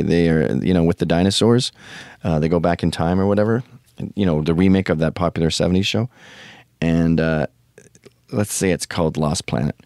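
A podcast host rambles through a profane, tangent-filled comic story in a lowish, slightly mellow voice. The recording is dry and of studio quality.

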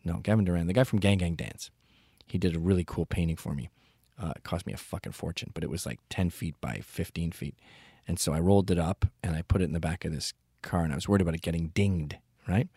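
A man with a fairly low voice delivers a ranting, profane comic monologue with deadpan asides. The recording is close and dry, with no room sound. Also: quick pace, gravelly, slightly rough, no room sound. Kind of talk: comedic storytelling monologue.

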